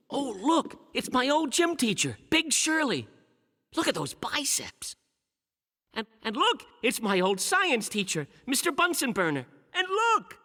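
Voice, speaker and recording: An actor voicing an eager, bashful grown-up male hippo in a cartoon, stammering and easily flattered. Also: high-pitched, no echo, full character voice. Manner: bashful, stammering, easily flattered, theatrical when reading aloud.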